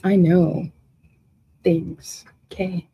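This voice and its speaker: A woman's voice: fairly low pitch, flat delivery, extremely slow, dark tone, slight background noise, low-quality recording. A woman hosting a livestream who reads out viewers' comments and answers them with emotion and confrontation. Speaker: livestream host. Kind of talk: casual livestream chat reading viewer comments.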